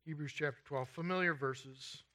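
Bright, forceful male preacher. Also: normal speed. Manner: swings from loud urgent emphasis to quiet, low asides; reads scripture aloud, then applies it. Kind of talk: sermon.

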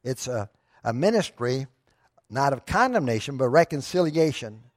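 A man's voice: medium pitch, big pitch swings, normal speed, no room sound, studio quality. A pastor preaching a sermon to his church, telling a story in a conversational way that rises to emphatic moments.

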